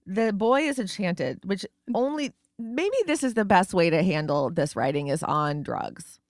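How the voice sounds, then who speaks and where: A woman's voice: lowish voice, expressive, no echo, clean studio sound. Wry joking woman podcast co-host. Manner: wry, joking, quick asides. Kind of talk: casual recap chat.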